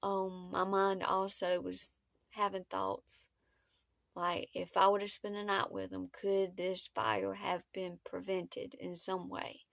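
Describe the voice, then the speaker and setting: A young woman, telling a personal story in a halting, emotional way with many pauses. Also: medium pitch, little pitch movement, vocal fry, fairly bright tone, no room sound. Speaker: vlogger.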